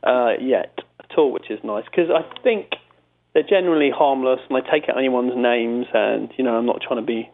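A British comedy writer and prank caller chats in a casual interview, telling rambling, self-amused stories with many restarts. His medium-pitched voice moves at normal speed over a tinny phone line, with a little hiss or hum.

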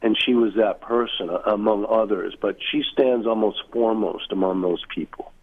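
Husky-voiced man on a tinny line. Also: on the low side, moderate pace. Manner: thoughtful, musing, many asides. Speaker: author being interviewed. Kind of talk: reflective conversational interview. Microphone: remote line from far away.

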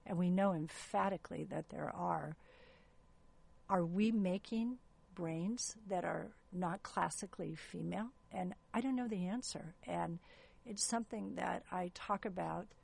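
A woman gynecologist speaks as an interview guest, explaining in an earnest way. Her voice is low and very gravelly, with a husky edge. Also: a little slow, darkish tone.

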